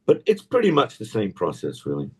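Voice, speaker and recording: Older man from England, husky voice, wide swinging pitch, playful anecdotes, home recording. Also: fairly quick. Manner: animated storytelling, playful. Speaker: actor, guest. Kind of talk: casual interview chat. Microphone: home recording setup.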